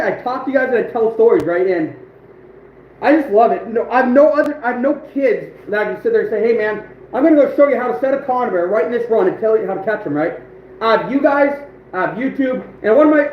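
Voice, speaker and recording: A man in his twenties hosting an outdoors livestream, telling stories with a voice that is going hoarse, animated and emphatic, repeating phrases for punch. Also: very high voice, echoey room, narrow, tinny audio, a little hiss or hum. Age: 20s. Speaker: outdoors channel host. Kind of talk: livestream storytelling.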